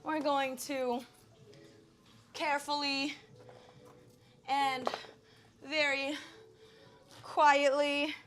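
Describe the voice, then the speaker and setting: Woman, high voice, slow unhurried delivery, casual live-stream chat, flustered, swears, calms herself down. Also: faint music behind.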